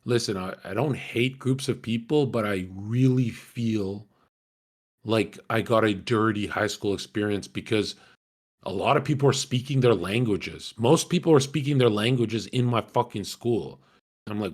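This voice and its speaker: A man's voice: mid-range voice, normal speed. Casual swearing man telling stories. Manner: casual, swearing, laughing often. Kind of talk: candid personal storytelling.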